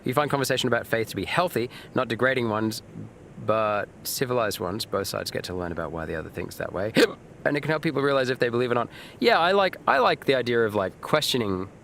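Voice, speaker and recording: A man's voice: mid-range voice, lively intonation, fast talker, vocal fry, a bit bright, a little hiss or hum. A man streaming a game live, chatting loosely with viewers and reading out their messages, with lots of fillers and restarts. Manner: rambling, casual, reads and answers chat; frequent fillers and restarts, swears now and then.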